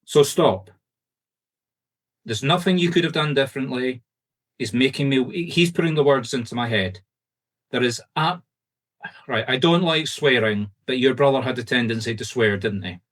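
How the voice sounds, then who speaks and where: A man with a Scottish accent working as a medium, giving fast, insistent, reassuring readings to a group over a video call. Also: mid-range voice. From Scotland.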